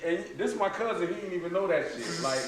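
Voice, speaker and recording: A man's voice: high-pitched, animated, quick pace. A man co-hosting a podcast, reminiscing casually and often saying "you know what I'm saying". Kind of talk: casual chat. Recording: echoey room, crowd chatter.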